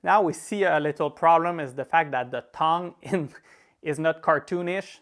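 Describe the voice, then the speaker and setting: A native French speaker with a French accent hosts a screen-recorded app tutorial, stepping through each stage in a relaxed way and laughing softly now and then. His voice is fairly high and a little bright, at a normal speed.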